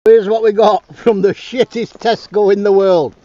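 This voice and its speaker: A man's voice: high voice, steady tone, moderate pace, mellow, dry recording. A man chatting casually while driving, blunt and sweary, talking to his dogs in between. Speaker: vlogger. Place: inside a car on the road. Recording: slightly dull, faint road noise.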